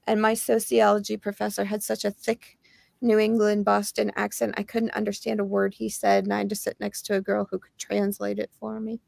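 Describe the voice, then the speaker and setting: A woman co-hosting a casual live stream, relaxed and a bit weary. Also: medium pitch, a little fast, creaky, dry recording. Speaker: co-host of a true crime live stream.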